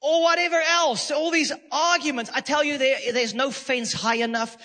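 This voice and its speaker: A male pastor preaching emphatically, hammering points home through repetition. His voice sits very high and sounds bright and forceful. It rings out with a long hall reverb. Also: moderate pace, hardly any pauses. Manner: emphatic, repeats phrases for stress. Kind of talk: sermon.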